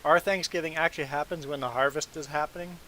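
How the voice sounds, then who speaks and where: A man's voice: fairly high pitch, fast talker, a little hiss or hum, low-quality recording. A man from Canada chatting casually as a live streamer, telling rambling stories and chuckling often. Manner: relaxed, rambling storyteller who chuckles often. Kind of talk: casual chat while playing a game.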